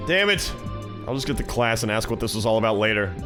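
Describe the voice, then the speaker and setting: A man's voice: on the low side, level tone, rapid-fire, music in the background. A man streaming, reading a visual novel aloud and tossing off profane, joking asides to his viewers. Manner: profane, jokey asides to chat. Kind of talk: reading aloud with casual reactions.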